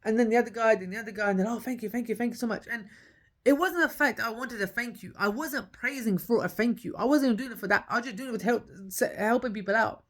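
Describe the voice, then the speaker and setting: A woman's voice: a little high, fast talker, a bit bright. A woman, telling her own story in a casual podcast monologue. She talks emphatically, repeats her key points, and acts out the dialogue.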